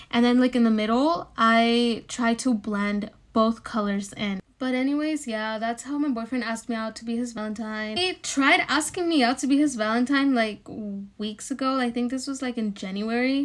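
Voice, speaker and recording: A young woman talking casually through her makeup routine as a beauty vlogger, chatty and bubbly with plenty of "like" fillers. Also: on the high side. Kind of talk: casual makeup tutorial chat.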